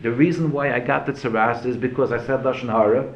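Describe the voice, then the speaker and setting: Animated male rabbi, roomy echo. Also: mid-range voice, fairly quick. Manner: animated, asks and answers his own questions, chants verse quotes. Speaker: rabbi teaching a Torah class. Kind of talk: Torah class lecture. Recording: roomy echo, faint ambience.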